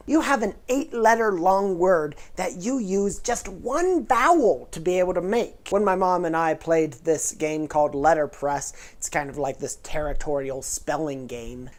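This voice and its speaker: A woman hosting a casual educational vlog, explaining things in a playful, nerdy way. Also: fairly low pitch. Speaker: host.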